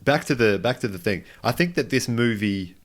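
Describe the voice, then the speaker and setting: A man's voice: mid-range voice, lively intonation, normal speed. A man co-hosting a podcast, chatting casually and rambling, with frequent restarts and tangents. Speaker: podcast co-host. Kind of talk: casual chat.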